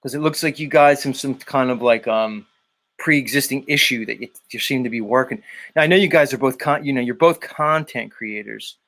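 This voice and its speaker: A man's voice: mid-range voice, normal speed, a bit bright. A man hosting a casual live stream, reading chat messages aloud and bluntly teasing viewers. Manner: blunt, teasing, swears freely. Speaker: live stream show host.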